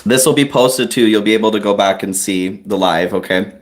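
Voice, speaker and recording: Guy reading tarot on a livestream, lowish voice, chats right to viewers, kinda choked up. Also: a little fast. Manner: chatty, talks straight to viewers; soft-spoken, gets choked up. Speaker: tarot reader. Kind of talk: live-streamed tarot reading. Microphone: on-camera livestream mic.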